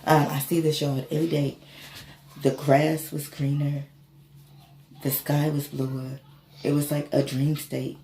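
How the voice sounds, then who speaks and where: A woman's voice: deep voice, flat delivery, unhurried, vocal fry, pauses often, warm tone. A woman vlogger casually telling an emotional spiritual story, swearing and rambling with many fillers. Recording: echoey room, faint ambient noise.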